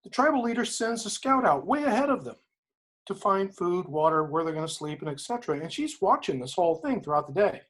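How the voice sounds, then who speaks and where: A man, an interview guest, retelling a story in an emphatic, animated way, often repeating phrases for weight. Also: high voice, brisk. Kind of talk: inspirational storytelling in conversation.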